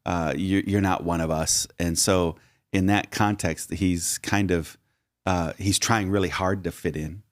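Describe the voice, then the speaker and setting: A man's voice: low voice, steady tone, measured pace, no room sound. A man co-hosting a podcast, discussing a Bible story and drawing lessons from it in a teacherly way. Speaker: podcast co-host.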